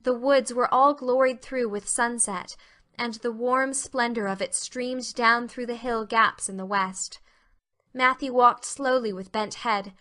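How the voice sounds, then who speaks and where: A woman reading classic fiction aloud as narrator, her voice bright and ringing and pitched a little high. Her storytelling is expressive and carefully paced. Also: measured pace. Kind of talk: scripted narration of a classic novel.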